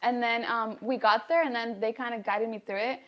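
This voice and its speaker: Animated high-voiced young woman chatting. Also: fairly quick. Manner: animated storytelling with lots of fillers. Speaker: podcast co-host. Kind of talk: casual chat.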